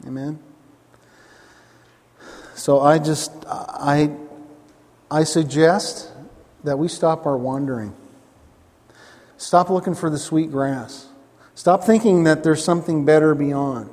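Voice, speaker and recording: A man's voice: a little high, takes it slowly, pauses often, darkish tone, in a large hall. A man preaching a sermon, emphatic, repeating key phrases and asking his listeners questions.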